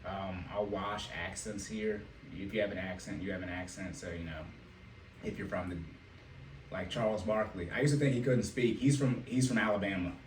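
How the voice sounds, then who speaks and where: A man hosting a casual podcast and working as a financial coach, telling animated stories and laughing often. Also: sits low, normal speed. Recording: echoey room, mic at a distance, faint noise.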